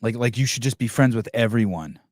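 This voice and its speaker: A man's voice: medium pitch, a little fast, darkish tone, no echo, studio quality. A man hosting a podcast, ranting crudely and mocking people in whiny voices. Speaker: podcast host. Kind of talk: crude comedic rant to live chat.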